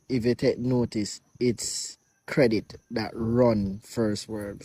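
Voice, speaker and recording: Mellow man. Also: medium pitch, a little hiss or hum.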